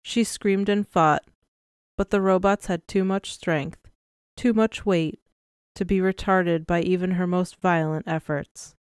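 A woman reads an audiobook in a measured, even storytelling manner. Her voice is smooth and clear and sits a little low, and the recording is dry and close. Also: no echo. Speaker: narrator. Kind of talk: scripted audiobook narration.

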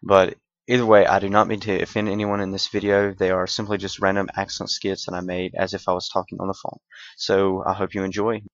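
A man's voice: low-pitched, flat delivery, a little fast, no echo, lo-fi sound. A young man, a video creator, playfully doing accent skits as pretend phone calls. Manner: playful, switching between put-on accents.

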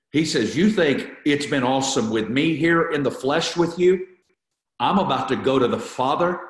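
Fervent man teaching scripture, roomy sound. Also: mid-range voice. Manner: fervent, repeats phrases for emphasis; talks to online viewers. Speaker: Bible study teacher. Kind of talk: online Bible study teaching.

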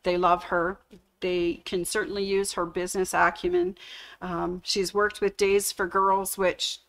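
A woman's voice: fairly low pitch, unhurried, a bit bright. Middle-aged lady giving a store anniversary speech, storytelling, does little voices for people. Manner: storytelling, acts out quoted dialogue. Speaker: store employee giving a tribute. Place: sewing store media room.

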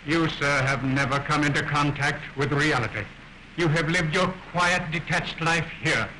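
A grave rebel doctor. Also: male voice, on the high side, moderate pace, bright, forceful tone, rough recording. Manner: formal, solemn, insistent. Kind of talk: 1930s film acting. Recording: hissy early 1930s film soundtrack.

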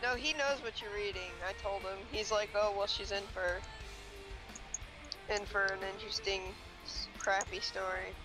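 A woman chats casually on a voice call. She stumbles over her words, repeats herself, and fills pauses with small hesitations. Her pitch is in the middle range. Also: fairly even intonation, music in the background. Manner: rambling, hesitant, filler-heavy. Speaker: friend on the call. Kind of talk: casual chat.

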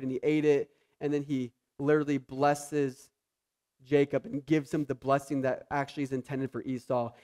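A male pastor with a high voice delivers a sermon in a church. He acts out the characters' words as he retells the story. He builds to loud, drawn-out peaks on the points he stresses. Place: church sanctuary.

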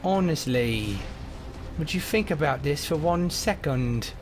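Goofy, animated man commentating gameplay. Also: fairly high pitch, measured pace, faint music behind. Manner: goofy, joking, bursts into shouts. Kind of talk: let's play commentary.

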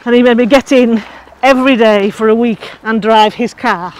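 A woman chatting outdoors while on a walk, telling homely stories in a relaxed way. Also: on the high side, normal speed, slight background noise, rough recording. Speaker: co-host of a walking podcast. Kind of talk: casual chat. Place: outdoors among palm trees.

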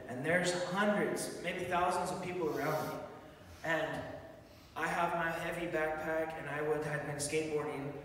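A man giving an excited, animated church testimony, telling his story with many restarts. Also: fairly high pitch, slight background noise. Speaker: testimony speaker. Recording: echoey hall, far mic.

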